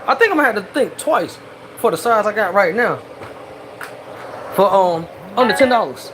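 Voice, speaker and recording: A home cook films dinner in their kitchen, firing hyped, slangy exclamations straight at the chat. The voice sits mid-pitch but leaps up and down with lively swings. A fan hum and steady noise run under the whole recording. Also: moderate pace. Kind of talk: excited cooking vlog, talking to the chat.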